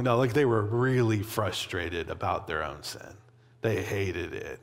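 A man preaching a sermon in a relaxed, conversational way, with plenty of casual fillers. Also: fairly low pitch, unhurried, vocal fry. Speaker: pastor. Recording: long hall reverb.

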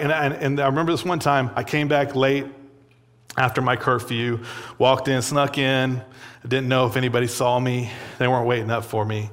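A man's voice: medium pitch, little pitch movement, normal speed, a bit bright. A young man giving a sermon, telling a personal story in a loose, conversational way full of fillers and little laughs. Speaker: pastor. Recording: long hall reverb.

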